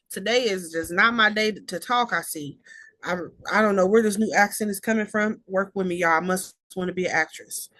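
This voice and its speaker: A woman's voice: mid-range voice, a bit bright, dry recording. A young woman with hosting a self-care podcast, speaking in an affirming, repetitive way with playful asides. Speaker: podcast host. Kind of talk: reflective self-care talk.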